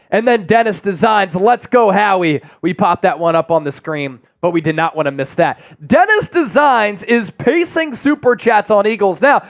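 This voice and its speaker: An energetic man hosts a live sports stream and reads viewer messages aloud. His voice sits high and swings widely in pitch. The sound is dry and close. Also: dry recording. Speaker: sports show host.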